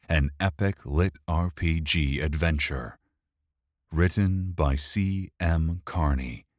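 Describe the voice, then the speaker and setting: A male audiobook narrator with an extremely deep voice, reading at an unhurried, measured pace. His delivery is steady and controlled. The recording is dry and close, with no room sound. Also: dry recording. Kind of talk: scripted narration.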